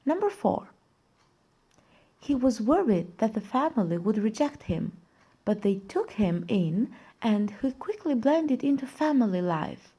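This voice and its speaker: A woman's voice: on the high side, very animated, dark tone, husky. A woman teacher, not a native English speaker, walking students through a reading exercise, asking questions and then giving the answers herself. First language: Albanian. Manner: slow, careful explaining, asks and answers her own questions. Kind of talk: recorded classroom lesson.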